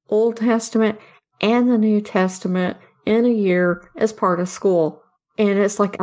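Female podcast co-host, medium pitch, casual storytelling. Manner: storytelling, animated quoting of others. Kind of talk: casual chat.

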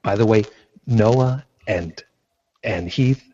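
A man's voice: lowish voice, slow pace, dark tone, highs cut off. A man hosting a casual podcast discussion, emphatic and opinionated, often repeating phrases as he builds a point. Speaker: podcast host.

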